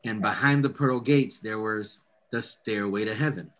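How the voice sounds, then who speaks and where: A man hosting a casual chat, telling stories in a loud, profane, animated way and quoting other voices. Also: lowish voice, moderate pace.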